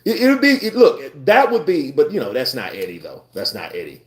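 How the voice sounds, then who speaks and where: A man hosting a live boxing stream, chatting casually with his viewers in a blunt, profane, animated way. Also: medium pitch, fairly quick. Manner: animated, profane, talks back to chat. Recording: roomy echo.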